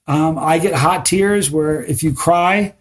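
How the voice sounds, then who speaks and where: A man telling animated stories as a podcast guest, casual and full of restarts. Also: fairly high pitch, slow pace. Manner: animated storyteller with frequent restarts. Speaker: guest, spicy food challenge creator.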